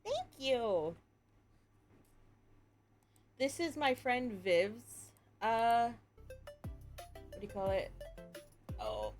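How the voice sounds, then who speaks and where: A woman chats live with her stream in a high voice, taking her time. She gets excitable, laughs often and drops casual swears. Faint music plays underneath. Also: very slow, pauses often.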